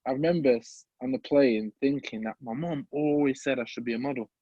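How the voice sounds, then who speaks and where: Young man, Midlands accent, podcast guest, animated storytelling, middle pitch, dry slightly dull sound. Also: brisk, no echo. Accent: English Midlands. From England. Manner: animated, acts out voices of people in his story. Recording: slightly muffled dry recording.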